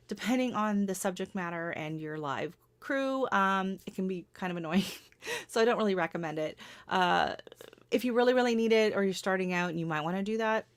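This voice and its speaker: A woman's voice: medium pitch, fairly bright tone. A middle-aged woman hosting a livestream, giving casual advice in a rambling, chatty way with frequent laughs and self-corrections. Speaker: livestream host.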